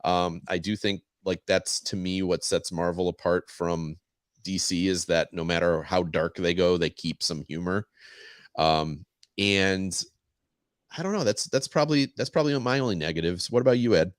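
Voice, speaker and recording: A man's voice: deep voice, moderate pace, no echo, studio quality. A man co-hosting a podcast, chatting casually about a show and animatedly retelling scenes. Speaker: podcast co-host. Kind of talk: casual discussion.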